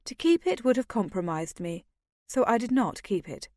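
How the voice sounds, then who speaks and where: A composed young noblewoman who stays unruffled and even, as a woman reader acts her out. The reading is dry and close, in an audiobook. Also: a little high, normal speed, no echo. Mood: calm. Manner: calm and unruffled. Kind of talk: audiobook character voice.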